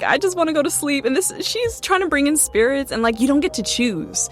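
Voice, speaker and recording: A woman's voice: high-pitched, animated, brisk, hardly any pauses, soft background music. A young woman casually recounting a true ghost story in a chatty way, full of "like" and "um" fillers. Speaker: guest storyteller.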